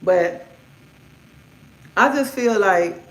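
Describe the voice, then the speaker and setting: A middle-aged woman talks straight to her livestream viewers in a blunt, outspoken rant, swearing as she goes. Her voice sits at a middle pitch. The room around her has a noticeable echo. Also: expressive, extremely slow, a little hiss or hum. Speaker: livestream host. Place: indoors at home. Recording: echoey room.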